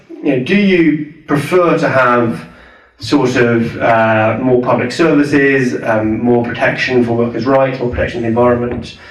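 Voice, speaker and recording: Scottish-born guy chatting through a rally talk, far from the mic, big echoey room. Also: medium pitch. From Scotland. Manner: thoughtful, conversational, many restarts and "you know"s. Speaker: guest speaker. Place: hall at a public event.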